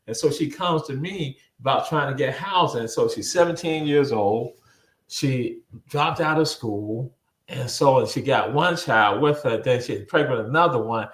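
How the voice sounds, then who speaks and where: A man speaks as a guest over a video call, recounting his story with lots of energy. He loops back on his words and slips into voices for the people he quotes. His voice sits in the middle range, and the room audio has a noticeable echo. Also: medium pitch. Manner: animated, repeats words, acts out quoted voices. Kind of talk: casual storytelling interview.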